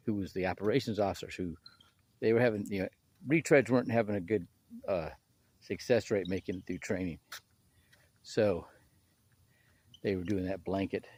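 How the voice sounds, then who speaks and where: A man with a somewhat low voice recounts a personal story in a casual, spoken style. He is animated and breaks off into restarts and repeated words as he talks. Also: slightly rough. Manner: animated, acts out quoted people in a raised voice. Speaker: speaker sharing his testimony.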